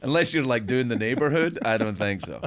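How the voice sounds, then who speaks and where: A man with a Scottish accent, a guest in a casual podcast chat, telling stories in an animated, joking and indignant way. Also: medium pitch, a little fast. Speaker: guest comedian.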